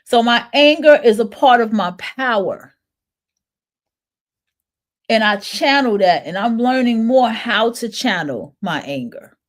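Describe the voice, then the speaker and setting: A woman's voice: a little high, lively intonation, slow pace. A woman in her thirties hosting a podcast, venting in a blunt, profane, emphatic monologue. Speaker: podcast host. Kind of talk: casual monologue.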